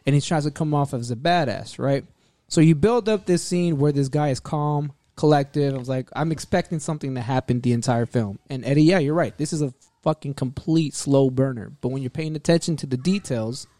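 A man's voice: a little high, a little fast, dry recording. A man in casual conversation reviewing a movie, swearing freely and acting out scenes as he retells them. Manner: animated, swearing, acts out scenes.

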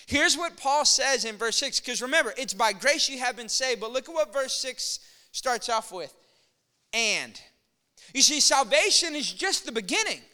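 A man preaching a sermon as pastor, energetic and storytelling, acting out quotes. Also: very high voice, moderate pace, long reverb tail.

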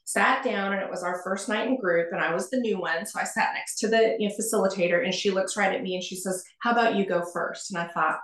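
A middle-aged woman, a guest on an interview, telling her story in a lively way, often laughing and acting out the people she quotes. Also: medium pitch, fast talker, hardly any pauses. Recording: roomy echo.

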